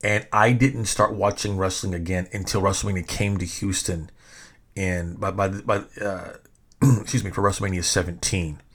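A man in his forties hosts a podcast in a loose, rambling monologue. He leans heavily on fillers as he talks. His voice sits somewhat low. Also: steady tone, moderate pace, a bit bright, breathy edge. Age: 40s. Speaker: podcast host. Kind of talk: casual monologue.

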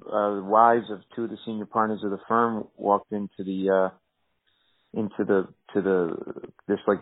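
Animated man telling stories, tinny audio. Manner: animated, acts out quoted characters in higher voices. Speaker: comedian guest. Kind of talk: storytelling in a podcast interview.

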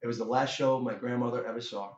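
A middle-aged man, a guest musician, telling a story in a casual interview, animated and full of restarts and stammers. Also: mid-range voice, fast talker, slight background noise. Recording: roomy, dull lo-fi sound.

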